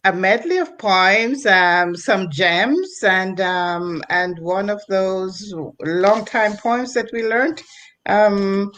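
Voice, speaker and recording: A woman's voice: mid-range voice, slow pace, a bit bright. A woman reverend with a Jamaican accent introducing her poems with frequent ums, speaking over a video call. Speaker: reverend and guest performer. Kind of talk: casual introduction before a performance.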